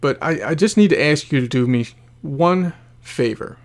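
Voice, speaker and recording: Man playing a kind castle, calm and reassuring, voice on the higher side. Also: normal speed, close to an everyday voice. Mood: gentle. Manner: gentle, reassuring. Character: kind, steady male castle, calm and encouraging.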